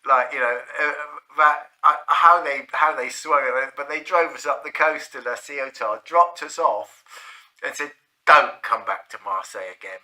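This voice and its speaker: Man, very bright tense voice, rambling and sweary, casual storytelling. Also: a little high, a little slow. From South London. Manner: rambling, sweary, full of restarts and "like, you know".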